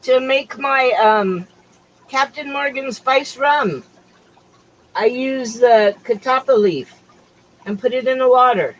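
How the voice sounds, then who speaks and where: A woman's voice: high voice, slow, pauses often, slight background noise, poor audio. Rambling middle-aged woman streamer. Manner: rambling, chatty, drifts between topics with fillers. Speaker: livestream host. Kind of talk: casual chat.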